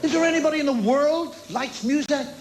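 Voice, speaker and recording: High-pitched ranting male comedian. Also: a little fast. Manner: exasperated, ranting. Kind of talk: stand-up monologue. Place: TV studio with audience. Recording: studio audience laughing throughout.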